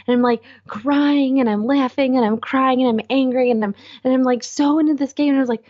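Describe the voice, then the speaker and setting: A woman co-hosting and producing a podcast, chatting in a rambling, excitable way and acting out what people said. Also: sits high, brisk, few pauses, lo-fi sound. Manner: rambling, excitable storyteller who acts out quotes. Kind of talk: casual chat.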